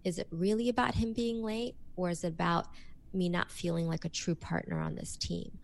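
A woman who works as a workplace coach, speaking in a podcast interview in an animated, expressive way and acting out examples. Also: lowish voice, moderate pace, vocal fry.

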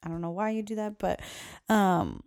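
A woman's voice: mid-range voice, steady tone, moderate pace, a little mellow. A young adult woman hosting a podcast, telling a casual story and quoting her little daughter in a raised voice. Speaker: podcast host.

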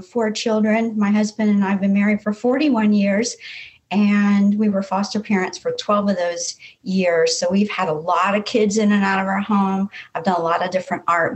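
A woman in her sixties being interviewed as a podcast guest over a video call, speaking in a friendly, plainspoken way. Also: mid-range voice. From North Carolina, US.

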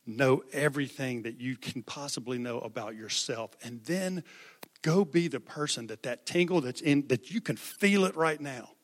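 A man's voice: medium pitch, normal speed. A male preacher giving an impassioned sermon, repeating phrases for emphasis. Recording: long hall reverb.

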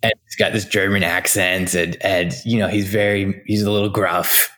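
A man in his forties with a very deep, low voice, talking casually as an interview guest. He tells his stories loosely, with lots of fillers and restarts, and the delivery stays relaxed and conversational. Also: normal speed, slight background noise. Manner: chatty, anecdotal, many fillers and restarts, laughs often. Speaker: interview guest, design executive.

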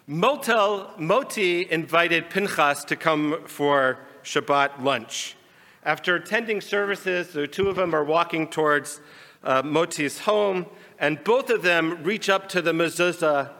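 A man, a rabbi, telling a folk story in a sermon, animated and raising his voice for quarrelling characters. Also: on the high side. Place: large synagogue sanctuary. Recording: long hall reverb.

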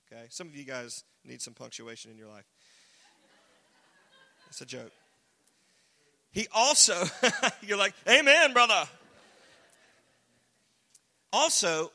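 A man preaching a casual, joking sermon, now and then shouting single words for emphasis. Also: high-pitched. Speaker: pastor. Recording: long hall reverb.

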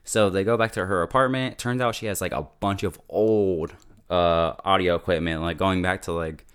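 A show reviewer with a low, clean, slightly bright voice speaks at a moderate pace with fairly even intonation. He chats casually through a TV episode recap, using lots of "like" and laughing often.

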